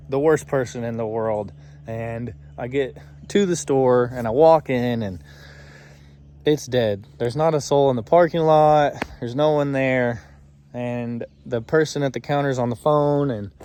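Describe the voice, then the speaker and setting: A man in his thirties telling a story to camera in a rambling, animated way, acting out bits of dialogue. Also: medium pitch, unhurried, slight background noise. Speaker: vlogger. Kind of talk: casual storytelling.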